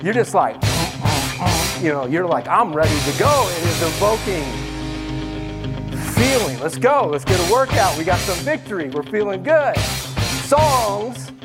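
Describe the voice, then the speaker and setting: A man's voice: high voice, big pitch swings, measured pace, long pauses, over loud music. A man preaching a sermon as pastor in a church service, talking in a conversational way and calling out to the congregation.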